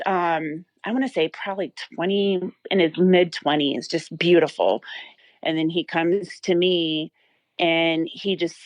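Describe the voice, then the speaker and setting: A woman's voice: on the low side, dry recording. A woman in her thirties telling an emotional personal story as an interview guest, with many fillers and restarts.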